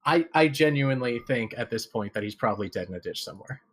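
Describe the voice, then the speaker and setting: A man's voice: mid-range voice, lively intonation, fast talker, a bit bright, husky. A man co-hosting a casual gaming podcast, ranting with lots of profanity. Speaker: podcast co-host.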